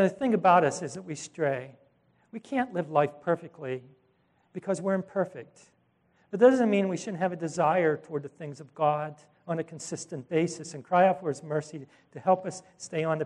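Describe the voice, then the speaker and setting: A man delivering a sermon, pitched a little higher than most men. He speaks in an animated, conversational style, breaking into asides and correcting himself as he retells scripture. He acts out the voices of the people in the stories. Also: normal speed. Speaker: pastor.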